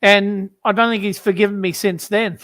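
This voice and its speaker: A man's voice: high-pitched, a bit bright, no echo. A man on a livestream panel telling blunt, profane stories in casual chat. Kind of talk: crude casual stream chat.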